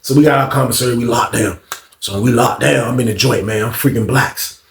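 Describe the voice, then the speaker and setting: A man telling a casual storytime monologue to his viewers in an animated, slangy way, acting out what others said in raised voices. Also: medium pitch, brisk, creaky, roomy sound, a little hiss or hum.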